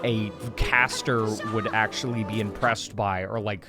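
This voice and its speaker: A young adult man co-hosting a Let's Play, chatting casually and jokingly with an animated delivery. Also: on the low side, measured pace. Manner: animated, joking, slips into silly voices. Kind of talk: casual gaming chat. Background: game music.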